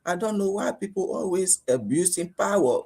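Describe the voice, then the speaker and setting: Liberian male panelist, husky voice a touch high, animated radio commentary. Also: moderate pace. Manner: animated, rising pitch when outraged, acts out police exchanges.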